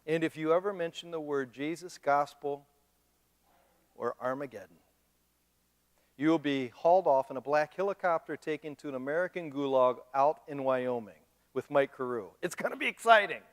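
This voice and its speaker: A man preaching a sermon as pastor, animated and joking, mimicking the people he talks about. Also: on the high side, normal speed. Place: church sanctuary. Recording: long reverb of a church hall.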